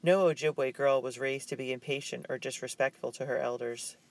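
Guy reading an audiobook chapter, calm even storytelling voice. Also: medium pitch, normal speed, no room sound. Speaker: audiobook narrator. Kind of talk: scripted audiobook narration.

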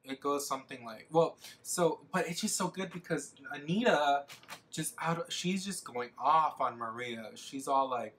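A man's voice: fairly high pitch, normal speed, fairly bright tone. Young male makeup vlogger, chatty and rambling, self-deprecating, lots of fillers, recorded on a camera mic at home. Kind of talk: casual get-ready-with-me chat.

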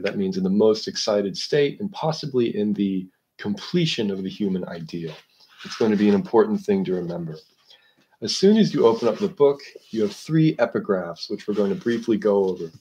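A man hosting a literature discussion, explaining a book in a measured, analytical way while thinking aloud. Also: lowish voice, mellow.

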